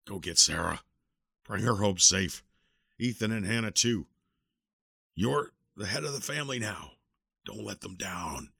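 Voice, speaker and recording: A man voicing an aging one-armed commander who is dying, with a weak, croaking, wheezing voice that keeps fading. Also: lowish voice, expressive, unhurried, pauses often, sharp tone, no room sound, clean studio sound, exaggerated voice. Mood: pleading. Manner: feeble, fading, pleading. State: gasping in pain.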